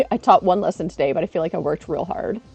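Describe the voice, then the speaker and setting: A woman live streaming in casual chat, chatty and excitable, eating while she talks. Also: fairly low pitch, vocal fry, slightly rough.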